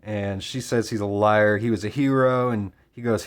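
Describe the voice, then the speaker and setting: A man casually summarizing and reviewing a comic book issue, talking with frequent fillers and pauses. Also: lowish voice. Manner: relaxed, hesitant with fillers.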